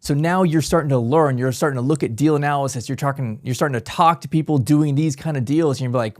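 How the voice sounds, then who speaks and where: A man hosting a business podcast, giving an energetic motivational talk and acting out the thoughts of his listeners. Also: a little high, fast, hardly any pauses. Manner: energetic, animated, acts out quoted voices.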